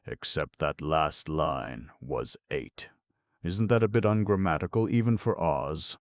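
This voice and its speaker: A man reading as a timid, gentle male lion in a storybook, speaking slowly and mildly. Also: extremely low pitch, animated, dry recording, clean studio sound, exaggerated voice.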